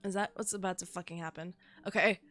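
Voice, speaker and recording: Excitable, bright-voiced woman streamer. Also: on the low side, quick pace, soft background music. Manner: excitable, chatty, swears freely. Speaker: game streamer. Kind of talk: casual live-stream commentary.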